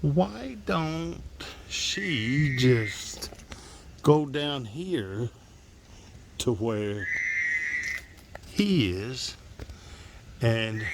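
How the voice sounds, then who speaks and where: Gravelly man muttering outdoors at night. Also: mid-range voice, expressive, drawn-out words, pauses often, heavy background noise. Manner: musing aloud, muttering to himself, drops to whispers. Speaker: vlogger. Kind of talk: casual narration while filming.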